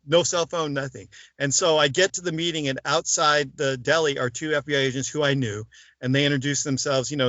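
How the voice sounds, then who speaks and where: A former mobster turned informant, appearing as an interview guest, tells his story at length in a casual interview and acts out the voices of the people in it. His mid-range voice is a bit bright, and the recording is dull, dry and lo-fi with no echo.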